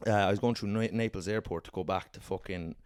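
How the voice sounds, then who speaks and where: A man telling long profane stories in casual podcast chat, often shouting his own quoted lines. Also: on the low side, fairly even intonation, fast talker, clean tone, no echo, studio quality. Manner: profane, rambling anecdotes, quoting people in raised voices. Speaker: podcast co-host.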